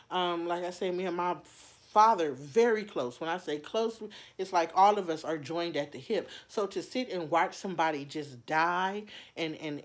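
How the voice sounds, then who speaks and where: A woman vlogger talking personally to her viewers in an earnest, heartfelt way, halting often with fillers and restarts. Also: lowish voice. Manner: heartfelt, speaks straight to viewers. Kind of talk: personal talk to camera.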